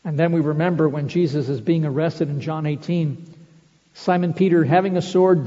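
Husky, dark-voiced male preacher. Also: fairly high pitch. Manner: emphatic, rhetorical questions, quotes scripture. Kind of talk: sermon. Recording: dull reverberant hall recording.

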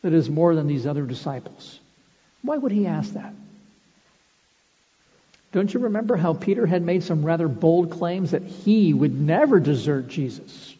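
A male preacher gives an emphatic sermon full of rhetorical questions. His voice sits fairly high but sounds dark and slightly husky. The recording is muffled, with a long hall reverb. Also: animated, normal speed.

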